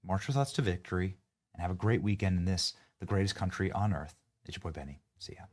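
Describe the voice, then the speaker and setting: A man in his thirties hosting a political talk show, reading ads and closing remarks in an emphatic, energetic way. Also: low voice, fast talker, heavy background noise. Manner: energetic, emphatic, salesy ad reads. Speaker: show host.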